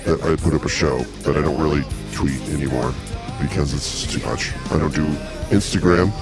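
A man's voice: a bass voice, moderate pace, over music. A man hosting a podcast in a loose, joking chat, laughing often. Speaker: podcast host. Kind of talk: casual chat.

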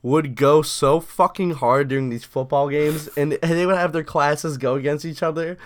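A young man co-hosting a podcast, telling childhood stories in a casual, animated way, swearing constantly and saying "dude" often. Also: on the high side, normal speed. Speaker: podcast co-host. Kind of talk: casual storytelling chat.

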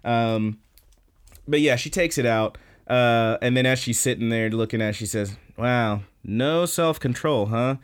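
A man co-hosting a podcast, casually recapping an anime episode with lots of fillers and quick laughs. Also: medium pitch, steady tone, clear, resonant tone. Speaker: podcast co-host.

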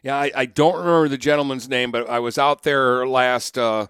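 Dude on a sports podcast reading scores, smooth voice, relaxed, dry studio sound. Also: male voice, medium pitch, normal speed, no room sound. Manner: relaxed, reads off stats. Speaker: podcast co-host. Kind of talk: casual sports chat.

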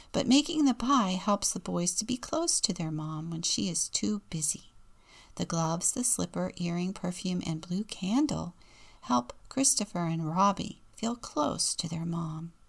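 A woman deacon reading a children's book aloud in a gentle, deliberate storytelling manner. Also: on the low side, creaky.

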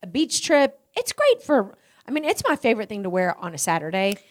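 A woman's voice: medium pitch, huge pitch swings, fairly quick. A woman co-hosting a podcast, chatting casually and enthusiastically and laughing easily. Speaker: podcast co-host. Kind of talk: casual chat.

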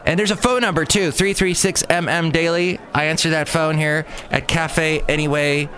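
A man's voice: fairly high pitch, fairly even intonation, moderate pace, sharp tone. A man hosting a solo podcast, talking in a rambling, jokey way that drifts from topic to topic. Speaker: podcast host.

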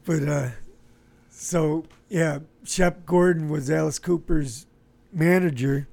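A man hosting a casual conversation, his voice hoarse and rambling with fillers. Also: on the high side, slow. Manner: relaxed, rambling chatter with frequent fillers. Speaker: host. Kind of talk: casual chat.

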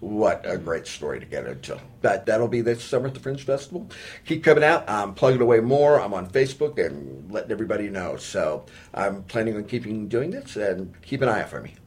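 A man chatting casually as a guest, animated and quick to laugh. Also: fairly low pitch, a little hiss or hum. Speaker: guest actor. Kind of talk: casual chat.

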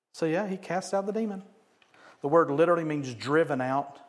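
Animated preaching man, lively pitch. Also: normal speed. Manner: animated, swings from loud emphatic bursts to quiet asides, jokes with the congregation. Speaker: pastor. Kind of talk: sermon.

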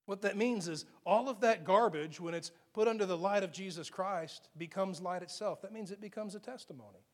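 High-voiced man preaching a sermon. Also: brisk. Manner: preaching with swings between loud emphasis and hushed, soft delivery. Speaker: pastor.

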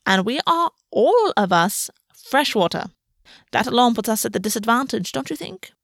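A woman voicing a cold, sharp-tongued fae queen in an audiobook reading. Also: on the high side, very animated, normal speed, creaky, dry recording, clean studio sound, voice pushed up, heavily acted. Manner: cold, cutting.

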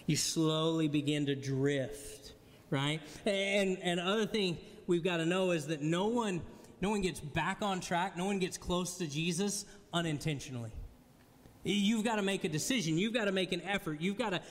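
A man preaching in a casual, joking way and chatting with his congregation as he talks. His voice sits a little high for a man and carries a long reverb from a big hall. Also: moderate pace. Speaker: pastor. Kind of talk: sermon. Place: church hall before a congregation.

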